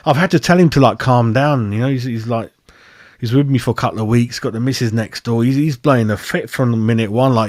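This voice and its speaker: A man's voice: medium pitch, a little fast, no echo, clean studio sound. A man hosting a live stream match reaction, exasperated and calling everyone mate. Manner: exasperated, keeps saying mate. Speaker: fan channel host.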